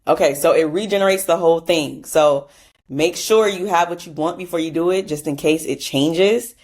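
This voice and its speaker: Low-voiced chatty woman tutorial host. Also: normal speed, darkish tone. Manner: chatty, laughs often, casual asides. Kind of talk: casual screen-recorded software tutorial.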